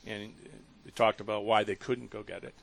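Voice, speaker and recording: Man, talk radio host, low-pitched, gravelly voice, earnest, emotional storytelling, halting restarts. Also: level tone, a bit bright.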